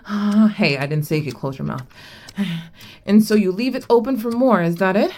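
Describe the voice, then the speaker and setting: A woman playing a possessive, teasing older-sister figure in an adult audio role-play, speaking in a commanding, breathy manner. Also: mid-range voice, moderate pace, dark tone, lightly acted.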